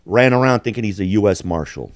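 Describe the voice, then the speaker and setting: Host, man, 40s, lowish voice, blunt and profane storyteller, dry close mic. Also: animated, quick pace, dry recording. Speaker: podcast host. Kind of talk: casual storytelling chat.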